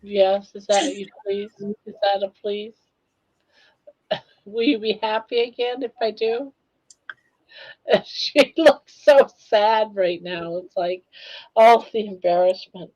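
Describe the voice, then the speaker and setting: A woman's voice: medium pitch, takes it slowly, long pauses, darkish tone. An older woman hosting a casual live stream, cooing baby talk to her dog between chatting. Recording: dull lo-fi stream audio.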